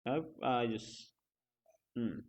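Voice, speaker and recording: A man's voice: mid-range voice, very slow, slight background noise. Mumbling male game streamer. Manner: mumbling, self-deprecating, talking to himself. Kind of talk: casual gameplay commentary.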